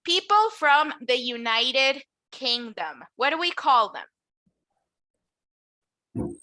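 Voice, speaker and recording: Bright, high-pitched woman as a bilingual English teacher, slow model words for repetition. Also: lively intonation. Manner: switches between English and Spanish explanations; slow, drawn-out model words for students to repeat. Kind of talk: online class teaching nationalities.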